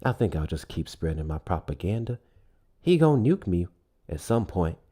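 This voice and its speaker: Man putting on a smug, stubborn bigot; low voice, bouncing sing-song taunt. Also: big pitch swings, moderate pace, mellow. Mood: smug mocking. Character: smug bigoted male political voter, stubborn. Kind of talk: mocking impression.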